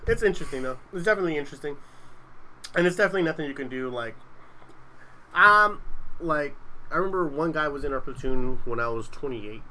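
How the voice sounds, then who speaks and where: A man's voice: on the high side, lively intonation, fast talker, long pauses, bright, forceful tone, low-quality recording. A young adult man telling stories in casual chat, rambling and profane, with lots of restarts.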